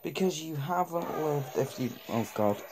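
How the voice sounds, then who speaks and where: Slow-talking young man playing a game. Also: a little high, animated, darkish tone, a little hiss or hum. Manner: mumbling, self-talking, reacting to the game. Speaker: gaming channel host. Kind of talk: casual mobile game commentary.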